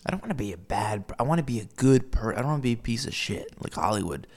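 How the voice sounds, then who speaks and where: A man's voice: medium pitch, very animated, quick pace. A drunk young man rambling alone, profane and meandering, with mumbled asides. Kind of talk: rambling solo monologue.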